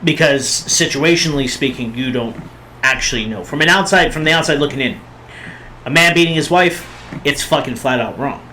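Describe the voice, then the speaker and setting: Podcast man, slightly high voice, blunt and profane, light background noise. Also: moderate pace, sharp tone, rough recording. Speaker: podcast co-host. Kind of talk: casual chat.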